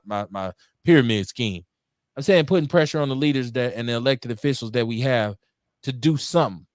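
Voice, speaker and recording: A man hosting a community radio talk show, preaching with heat, swinging between loud outbursts and low muttering, and swearing freely. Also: no room sound, clean studio sound. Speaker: host. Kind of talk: impassioned call-in radio talk.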